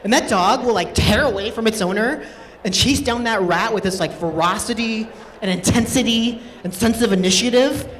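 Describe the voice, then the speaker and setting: A woman's voice: on the high side, moderate pace. A woman performing a stand-up comedy set on an event stage, chatty and playful, often laughing through her lines. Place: event stage in a large hall. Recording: long stage hall reverb.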